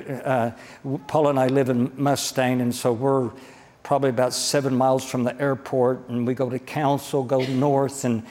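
A man's voice: medium pitch, darkish tone. A man preaching a sermon in a church sanctuary, speaking in a folksy, direct way and often checking in with the congregation. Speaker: pastor. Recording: long church-hall reverb.

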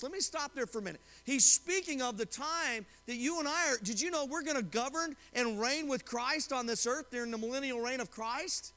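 Brisk and with few pauses, this male pastor speaks in a very high-pitched, sharp voice, trailed by long reverb. Preaching in a church sanctuary, he reads scripture, retells a story using quoted voices, and keeps asking the congregation questions.

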